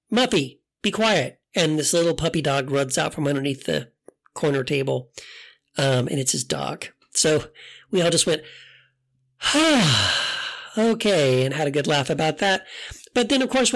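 Gravelly-voiced middle-aged man musing aloud. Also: on the high side. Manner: hesitant, with many restarts and fillers; candid storyteller. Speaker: podcast host. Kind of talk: casual reflective monologue.

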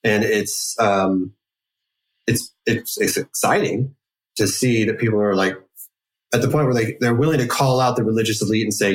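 A man hosting a podcast, talking in a thoughtful, halting way. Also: fairly low pitch. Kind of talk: casual podcast chat. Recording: voice distant from the mic.

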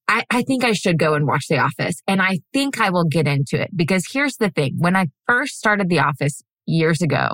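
Goofy, low-voiced woman podcast host. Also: animated, a little fast, few pauses, fairly bright tone, no echo. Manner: rambling, goofy, swears freely. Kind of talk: casual chat.

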